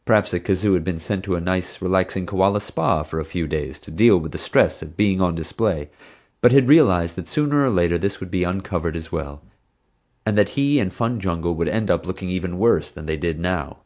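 A man narrating an audiobook in an expressive, dramatic manner. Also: low voice, brisk.

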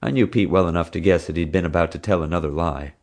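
A man narrating an audiobook in an expressive, dramatic manner. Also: deep voice, fast talker.

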